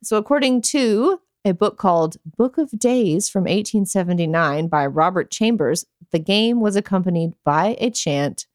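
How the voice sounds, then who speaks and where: A woman co-hosts a loose, chatty podcast at a middling pitch, breaking into laughter often and swearing without a second thought. She reads old verses aloud with playful mock gravity. Her voice sits close and dry on the mic. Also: animated, normal speed, hardly any pauses, a little mellow, no echo. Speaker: podcast co-host. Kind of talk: casual podcast chat.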